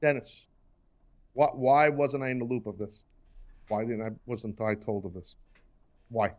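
A man's voice: medium pitch, a little slow, a little mellow, lo-fi sound. A man hosting a casual talk show, ranting in mock anger and teasing his crew. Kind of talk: casual sports and wrestling chat.

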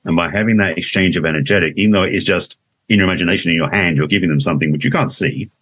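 A man's voice: sits low, racing, fairly bright tone, slightly rough. An Englishman in his sixties, a guest telling his story in a rambling, casual way with frequent restarts. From England. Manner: rambling, restarts often, laughs easily. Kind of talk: casual interview conversation.

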